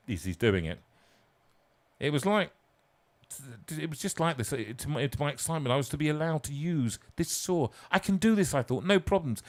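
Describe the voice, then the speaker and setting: Wry storyteller. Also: male voice, mid-range voice, fairly bright tone. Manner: wry, self-mocking asides. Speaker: singer and storyteller. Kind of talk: live storytelling, reading his own story.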